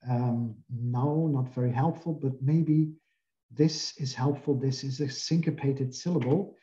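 A linguistics professor with a slightly high, warm voice gives an academic lecture, explaining his slides step by step. The recording sounds muffled.

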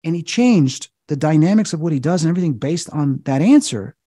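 A middle-aged man, a psychic medium, telling animated stories in an interview and acting out the quoted voices. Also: fairly high pitch, a little fast, breathy edge, dry recording, studio quality. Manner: acts out quoted voices, excited.

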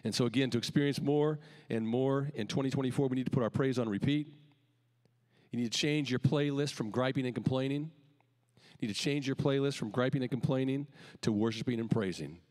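A man preaching a sermon as pastor, calling out emphatic lines and then letting the ends drop quietly. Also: mid-range voice, brisk, long reverb tail. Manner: emphatic preaching with rising calls and quiet dropped endings. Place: church sanctuary.

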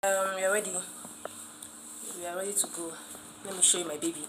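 A woman's voice: medium pitch, steady tone, brisk, long pauses. Young Nigerian woman vlogger, chatty and repetitive, echoey room with background noise. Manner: chatty, repeats phrases, addresses viewers as guys. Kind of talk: casual vlog chat to camera. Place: home.

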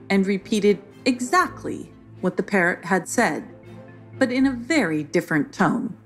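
A woman reading a children's story aloud as the narrator, in a gentle scripted telling. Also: on the low side.

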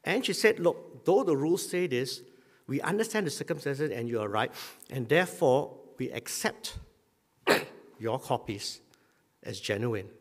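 A man preaching a sermon as pastor, telling a personal story and clearing his throat often. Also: medium pitch, a little slow. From Malaysia. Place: church hall. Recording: hall reverb.

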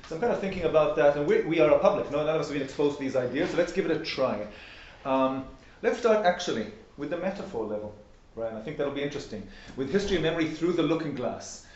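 A man's voice: medium pitch, darkish tone, far from the mic, slight background noise. Man lecturing in a very echoey room. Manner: conversational, poses rhetorical questions. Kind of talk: academic workshop presentation. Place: seminar room. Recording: very echoey, dull room recording.

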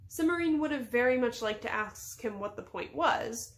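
Teacher lady reading a kids chapter book out loud, on the higher side. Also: moderate pace. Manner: steady storybook narration.

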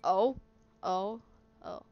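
A woman giving excitable let's play commentary, exclaiming and chattering at the game as she plays. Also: medium pitch, drawn-out words, highs cut off. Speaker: gaming video host. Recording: game sounds and noise behind. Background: video game sound effects.

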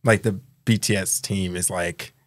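A man's voice: sits low, fairly even intonation, normal speed. A man in casual podcast chat, recounting a story in a laid-back way. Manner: laid-back, laughs through his story. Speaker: podcast guest.

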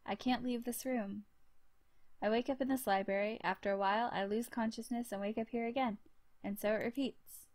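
A woman voicing a quiet, melancholy ghostly boy pigeon from a visual novel, read softly in her own voice. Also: a little high, steady tone, a little fast, close to an everyday voice.

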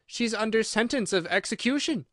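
A man voicing a timid, anxious white rabbit who speaks in a hushed, hurried way. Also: sits high, lively intonation, no echo, voice pushed up.

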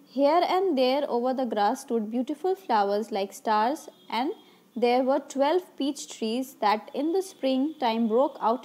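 A woman's voice: high voice, mellow. A woman teaching an English class. She reads a story aloud in short passages and then explains each one in simple words, asking her pupils questions and stopping to rephrase with small fillers.

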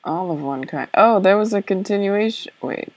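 A woman's voice: mid-range voice, lively intonation, normal speed, slight background noise, poor audio. A woman narrating her own puzzle-game play, thinking aloud in a hesitant, self-doubting way with many fillers and repeated okays. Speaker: let's play gamer. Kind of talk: thinking-aloud gameplay commentary.

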